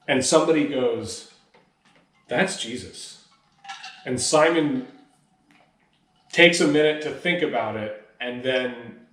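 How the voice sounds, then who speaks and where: A man's voice: medium pitch, fairly bright tone. Casual storytelling preacher man, roomy distant sound. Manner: casual storytelling, voices quoted lines animatedly. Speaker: pastor. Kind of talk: conversational sermon. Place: church.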